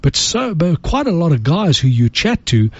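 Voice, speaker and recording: Husky earnest radio man. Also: a little high, very animated, moderate pace, no echo, dull audio. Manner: earnest, motivational, repeats words when pressing a point. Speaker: radio co-host. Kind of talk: radio talk show chat.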